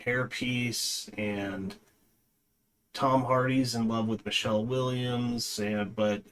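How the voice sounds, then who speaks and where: A man's voice: mid-range voice, steady tone, slow, fairly bright tone. A man reviewing a movie in a casual, rambling way, with lots of fillers and a dismissive tone.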